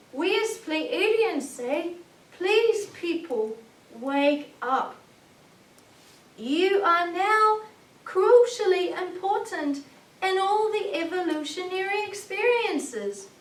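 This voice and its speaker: A woman channeling a jovial, earnest male alien star commander, preaching slowly and emphatically with rhetorical questions, in a roomy recording from a distant mic. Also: sits high, a bit bright, a little hiss or hum, heavily acted. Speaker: spirit channeler. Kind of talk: channeled spiritual message.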